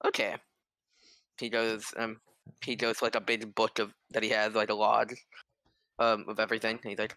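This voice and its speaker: A man's voice: fairly low pitch, monotone, normal speed, long pauses, bright, forceful tone, no echo. A man narrating as game master of a tabletop game, rambling with lots of fillers.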